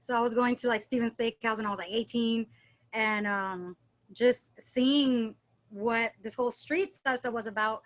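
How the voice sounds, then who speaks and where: A young adult woman, a dancer, chatting casually in an interview and telling stories in an animated way. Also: a little high, moderate pace. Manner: animated storyteller, mimics accents playfully.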